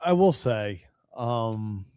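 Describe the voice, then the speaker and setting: A man's voice: on the low side, animated, extremely slow, darkish tone, smooth, no echo, studio quality. A man in his twenties co-hosting a sports talk show, telling a story in easygoing casual chat. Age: 20s. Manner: easygoing, storytelling with many fillers.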